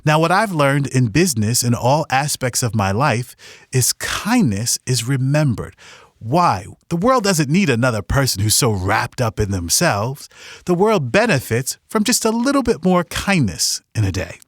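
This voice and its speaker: A man's voice: mid-range voice, big pitch swings, moderate pace, no echo. A man hosting a podcast, giving an earnest, upbeat motivational talk with a story from his past, on a studio mic. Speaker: podcast host. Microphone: studio microphone.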